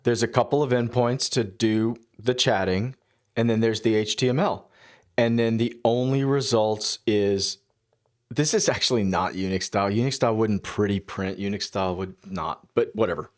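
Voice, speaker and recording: Low-voiced man muttering while he codes. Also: moderate pace. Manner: musing, half-muttered asides to himself. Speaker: developer livestreaming his coding. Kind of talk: casual thinking-aloud commentary.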